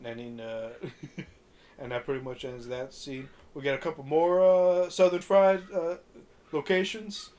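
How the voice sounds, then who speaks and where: A man's voice: fairly high pitch, fairly even intonation, measured pace, darkish tone. Chatty man recapping a film. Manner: rambling, many fillers, acts out quotes. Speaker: podcast co-host recapping a film. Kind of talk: casual profane podcast chat.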